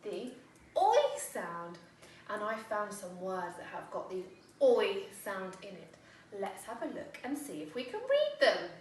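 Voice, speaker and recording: An English woman, an infant school teacher, giving a phonics lesson to young children in a slow, sing-song, encouraging way and sounding words out. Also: mid-range voice, very animated. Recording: echoey room, voice from a distance, faint background noise.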